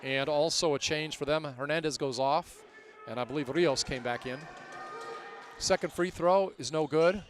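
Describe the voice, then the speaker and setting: A man announcing a basketball game play by play, getting loud and excited during plays. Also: a little high, moderate pace. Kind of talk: live basketball commentary.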